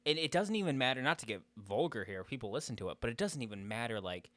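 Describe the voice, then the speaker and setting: A man's voice: mid-range voice, expressive, fast, fairly bright tone, no room sound. A young man co-hosting a podcast in casual, crude, joking banter full of swearing. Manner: crude, swears a lot, jokey. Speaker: podcast co-host.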